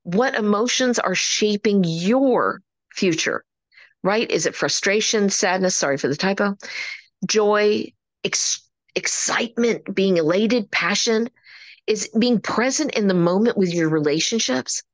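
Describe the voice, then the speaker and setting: A woman's voice: medium pitch, a little slow, no echo. A woman giving an upbeat motivational talk as coach at an online meeting, preaching and acting out quoted conversations. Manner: upbeat, preachy, acts out quotes in animated voices.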